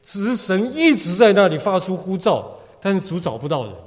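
A man preaching earnestly in a church hall, pausing for his interpreter and dropping in English words. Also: high-pitched, very animated. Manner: earnest, pauses for translation, drops in English words. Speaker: pastor. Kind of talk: sermon with interpreter.

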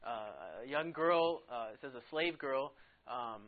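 A man's voice: medium pitch, lively intonation, unhurried. Guy teaching bible class, chatty, laughs a lot, sounds tinny like a phone line. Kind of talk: casual Bible lesson to a class.

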